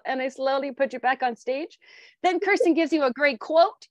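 A woman mentor spins a playful, humorous tale in a casual group conversation. Her voice sits fairly high and the sound is dry and close. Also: moderate pace, no room sound. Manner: playful, imaginative storyteller. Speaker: photography mentor. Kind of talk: casual panel chat.

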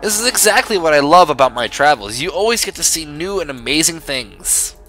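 A man's voice: fairly high pitch, expressive, fairly quick, background noise, lightly acted. A man reading the letters of a curious, wandering male traveler in a plain, slightly formal tone.

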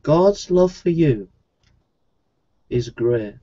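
A man's voice: fairly high pitch, expressive, drawn-out words, dark tone, slightly rough, lo-fi sound. A man preaching a sermon in an earnest, repetitive evangelistic style.

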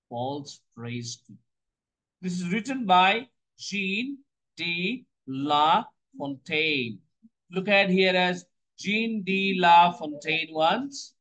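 A man teaches a poem line by line in a notably high voice. He moves at an unhurried, deliberate pace. He keeps repeating words and asks questions that he then answers himself. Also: fairly bright tone, low-quality recording. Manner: explains slowly, repeats phrases, asks and answers his own questions. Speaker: English teacher.

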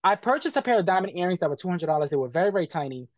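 A man's voice: high-pitched, big pitch swings, racing, dry recording, studio quality. A man being interviewed, bluntly retelling a bad experience in casual, profane talk full of quoted back-and-forth.

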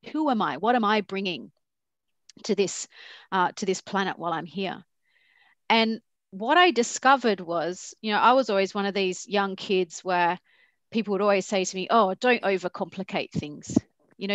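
A woman's voice: medium pitch, dry recording. Candid woman telling stories on a panel. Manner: candid, reflective, acts out quoted dialogue. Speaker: company founder and panelist. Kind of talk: conversational panel talk with personal stories.

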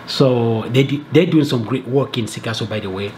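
A man telling a travel story to camera, animated and full of restarts and repeated words. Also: mid-range voice, normal speed, slight background noise. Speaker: travel video creator.

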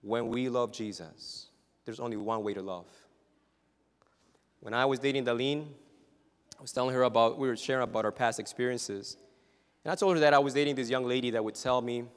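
A man preaching from the pulpit in a mid-pitched voice, telling humorous stories and building to loud, emphatic peaks after quiet, hushed passages. His voice carries a long reverb tail from the church hall around him. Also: a little fast, long pauses, smooth. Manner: dramatic, shifting from hushed to loud; humorous storytelling. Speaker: pastor. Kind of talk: sermon. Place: church sanctuary.

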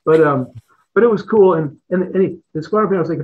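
A man's voice: high-pitched, fast talker. Rambling man on a tinny line. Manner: rambling, repeats words, chuckles. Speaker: guest, retired fighter pilot. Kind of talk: casual storytelling in an interview.

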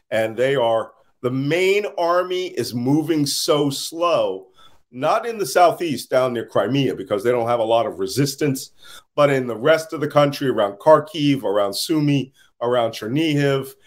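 A tired man talking as an interview guest, telling stories in an animated way and laughing now and then, heard over a remote call. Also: medium pitch. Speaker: interview guest, security analyst. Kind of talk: casual interview talk.

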